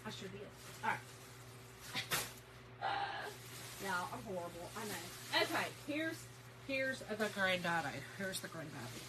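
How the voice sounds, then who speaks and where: A woman hosting a casual craft haul livestream, chatty and excitable, greeting viewers by name. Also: mid-range voice, measured pace, long pauses, very noisy. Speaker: craft channel host.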